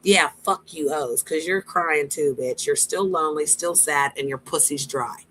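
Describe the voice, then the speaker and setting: A woman's voice: low voice, moderate pace, fairly bright tone, a little hiss or hum. A woman hosting a stream, giving blunt, profane reaction commentary straight to her viewers. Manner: brash, blunt and profane, addresses viewers directly.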